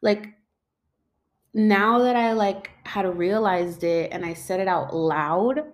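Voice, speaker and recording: A young woman telling a personal story in a loose, rambling way, full of fillers like "like" and "um" and casual swearing. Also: on the low side.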